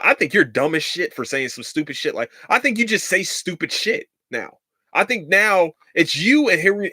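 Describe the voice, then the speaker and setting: A man's voice: on the high side, sharp tone, no room sound, clean studio sound. A man hosting a podcast, ranting in a heated, profane and sarcastic way, repeating lines for emphasis. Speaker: podcast host. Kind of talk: casual rant.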